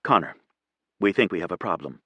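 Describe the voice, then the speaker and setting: A man voicing a steady female airline captain with military past, speaking quietly, kindly and firmly. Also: mid-range voice, normal speed, no echo, lightly acted. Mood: calm. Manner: quiet, kind and firm.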